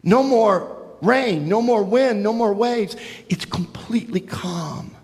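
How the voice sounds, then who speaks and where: A male pastor giving a sermon, telling a Bible story to children with animated storytelling and acted-out voices. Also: high-pitched, slow. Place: church sanctuary. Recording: long church reverb.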